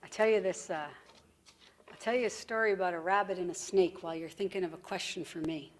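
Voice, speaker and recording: A woman's voice: fairly low pitch, steady tone, a little fast. Direct, folksy woman presenter. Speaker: conference presenter. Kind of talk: conference presentation.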